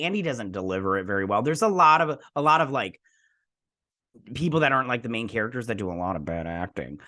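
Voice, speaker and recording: A man's voice: mid-range voice, sing-song, quick pace, sharp tone. A man hosting a casual episode review, chatty and rambling, full of fillers and blunt opinions. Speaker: host.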